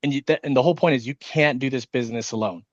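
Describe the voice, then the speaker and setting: Jittery team-leader guy on a video call, rapid casual talk with lots of swearing, mid-pitched voice, dry and a bit dull audio. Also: dry recording. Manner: fast, casual, swears often. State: nervous and wired on caffeine. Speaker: insurance sales team leader. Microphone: video call microphone.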